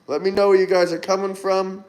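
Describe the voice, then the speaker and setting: An upbeat man runs a casual livestream, reading out comments and tossing off quick shout-outs. His voice sits high for a man. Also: level tone. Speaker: livestream host. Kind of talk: casual live-stream chat reading comments.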